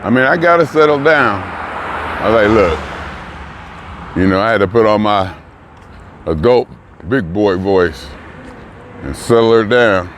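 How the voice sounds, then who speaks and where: A man's voice: lowish voice, lively intonation, a little slow, pauses often, muffled recording. An older man vlogging in a casual, musing way, trailing off mid-thought as he reflects aloud. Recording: noisy outdoor traffic. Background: passing cars and street ambience.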